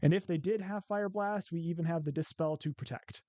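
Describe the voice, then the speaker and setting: A man's voice: fairly high pitch, brisk, darkish tone, dry recording. A man with a Midwestern accent casually commentating a card game, thinking aloud and counting out his plays. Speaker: gameplay commentator.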